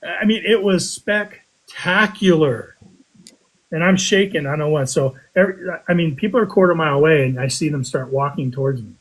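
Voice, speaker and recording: Excitable man telling a story. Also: a little fast, low-quality recording. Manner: animated, excitable, voice jumps high when quoting himself. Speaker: podcast guest telling a metal detecting story. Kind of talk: casual storytelling chat.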